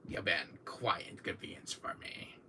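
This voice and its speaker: A cold, menacing game villain in dark sunglasses, put on by a man, with lines dropped slow, low and hushed. The tone stays very bright and sharp even under the menace, with the pitch sliding widely from line to line. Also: vocal fry, a little hiss or hum, heavily acted. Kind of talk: amateur impression of a game villain.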